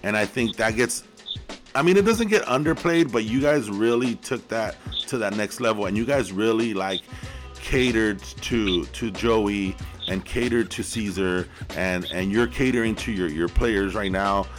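A man hosting a podcast interview, asking questions in a halting, informal way with frequent restarts and swearing. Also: lowish voice, faint music behind. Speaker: podcast host.

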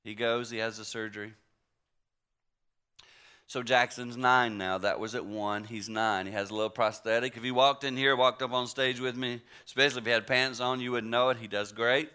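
A man in his sixties preaching a story-driven sermon in a conversational way, moving between hushed and emphatic. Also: mid-range voice, steady tone, moderate pace, clear, resonant tone. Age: 60s.

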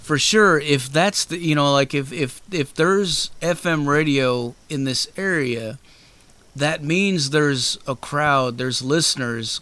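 Rambling, profane host. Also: male voice, mid-range voice, fairly bright tone. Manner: loose, profane, rambling with many fillers. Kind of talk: casual interview chat.

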